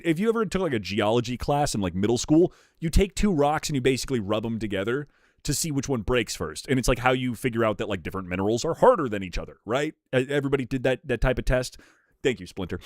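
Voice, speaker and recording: With a mid-range voice and clean, echo-free studio sound, a young man chats casually with viewers during a live stream. He reacts to chat, swears freely, and laughs a lot.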